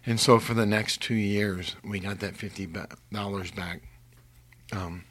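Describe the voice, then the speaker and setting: An older man from Missouri, a guest telling faith testimony stories earnestly, sometimes dropping to a hushed whisper. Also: on the low side, little pitch movement, moderate pace, breathy edge.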